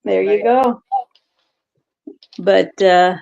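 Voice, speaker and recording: A woman co-hosting a poetry show, chatting casually and giving praise with halting restarts. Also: medium pitch, creaky, darkish tone, dull audio. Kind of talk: casual chat.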